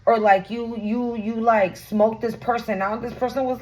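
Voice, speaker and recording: A woman's voice: a little high, fairly even intonation, normal speed, a little mellow, rough recording. A woman giving a casual tarot reading to her viewers, chatty and blunt, swearing freely and talking in slang. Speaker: tarot reader.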